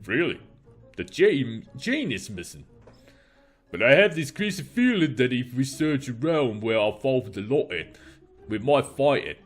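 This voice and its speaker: A man's voice: medium pitch, very animated, measured pace, soft background music. A man with a cold voicing an eager young British treasure-hunting friend in a faltering put-on British accent. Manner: upbeat, enthusiastic. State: has a cold.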